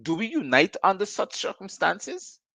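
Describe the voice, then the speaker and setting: A man's voice: high-pitched, big pitch swings, moderate pace, vocal fry, pushed and bright, no echo. A Guyanese man hosting a call-in show, firing off rhetorical questions in a fiery political monologue.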